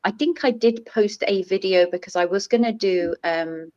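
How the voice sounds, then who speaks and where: A woman's voice: medium pitch, moderate pace, a little mellow, highs cut off. A chatty middle-aged woman from Britain, a YouTuber and English teacher, talking casually in a group video chat and rambling with frequent laughs.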